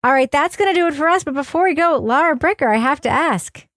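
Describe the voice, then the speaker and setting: A woman hosting a podcast, chatting casually and enthusiastically with quick asides. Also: high voice, expressive, a bit bright, dry recording, studio quality. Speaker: podcast host. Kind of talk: casual podcast chat and outro. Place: home studio.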